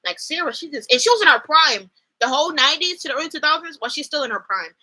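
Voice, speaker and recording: Bright, high-voiced streamer woman. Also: fast talker, poor audio. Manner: expressive, slangy, swears freely, reads chat aloud. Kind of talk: casual live-stream chat.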